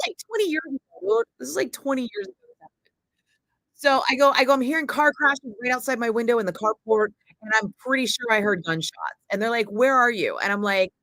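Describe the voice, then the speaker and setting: Speaking a little high, a bright, forceful Northern Californian woman in her forties spins a lively story during a livestream, where she works as a radio host. Cursing freely, she performs the voices of everyone she quotes. The recording is rough, dry and close-miked, with no room around it.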